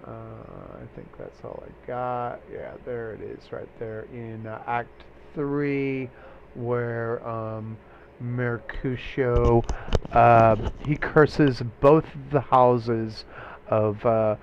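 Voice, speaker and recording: Halting, slow male teacher. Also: medium pitch, lo-fi sound, slight background noise. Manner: hesitant, many fillers, clears throat often. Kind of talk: recorded literature lecture.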